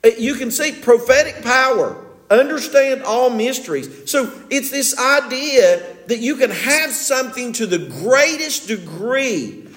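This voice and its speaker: A man preaching a sermon as pastor, lively and emphatic, often asking his congregation questions. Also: extremely high pitch, measured pace, echoey room.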